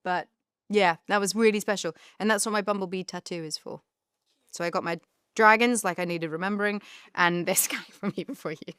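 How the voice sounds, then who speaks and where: Actress guest reminiscing, expressive and quick to well up, dry booth sound. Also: female voice, mid-range voice, clear, resonant tone, dry recording. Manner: animated, emotional, quick to laugh and tear up. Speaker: actor guest. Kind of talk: casual interview chat.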